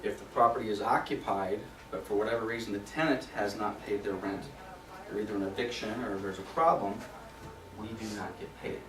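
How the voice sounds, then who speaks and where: A man's voice: fairly low pitch, steady tone, brisk, far from the mic. A man presenting a property management training class in a casual, conversational way, often checking in with "okay?". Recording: roomy sound from off mic.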